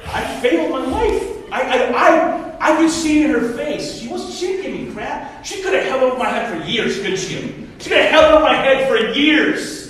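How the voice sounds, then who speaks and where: Guy pastor preaching, high voice that jumps around a lot, joking about himself, sounds far off in a big echoey church. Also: normal speed. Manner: animated storytelling with self-deprecating humor. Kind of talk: sermon. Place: church auditorium. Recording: echoey hall, distant mic, faint noise.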